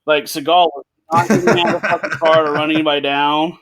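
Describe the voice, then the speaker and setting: A man's voice: fairly high pitch, fast talker, a crowd in the background. A man co-hosting a podcast in casual chat, telling stories with energy, swearing and acting out the quotes. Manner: animated storyteller, swears, acts out quotes. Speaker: podcast co-host.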